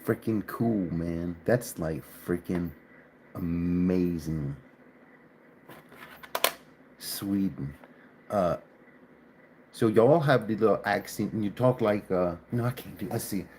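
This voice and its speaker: A man's voice: low-pitched, slow, pauses often, darkish tone, a little hiss or hum. A man hosting a casual livestream, chatting in a laid-back way with his viewers and swearing now and then. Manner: laid-back, chatty, mild swearing, addresses chat as y'all. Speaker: livestream host. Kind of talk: casual live-stream chat.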